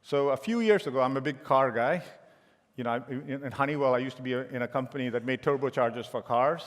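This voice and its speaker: A man's voice: mid-range voice, fast. Joking middle-aged man in a reverberant hall. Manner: anecdotal and joking, with frequent restarts. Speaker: tech executive giving a keynote. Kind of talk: conference keynote talk.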